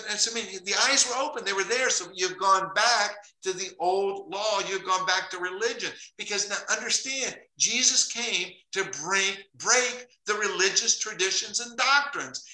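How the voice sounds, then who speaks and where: A man's voice: high-pitched, bright, forceful tone. A man teaching the Bible in a podcast conversation, emphatic, reading verses aloud and repeating them for stress. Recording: echoey room.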